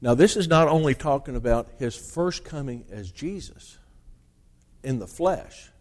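A man's voice: mid-range voice, animated, unhurried. A man preaching a sermon, reading scripture aloud with rising emphasis and explaining it in plain talk with restarts.

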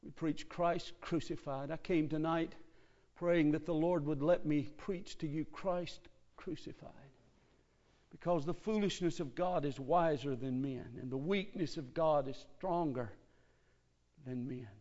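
Baptist preacher guy, high voice, goes from quiet to shouting, repeats stuff, muffled old tape sound. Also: unhurried. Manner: swings from low talk to shouted climaxes; emphatic, repeats key phrases. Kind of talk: sermon. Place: church service. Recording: dull lo-fi recording.

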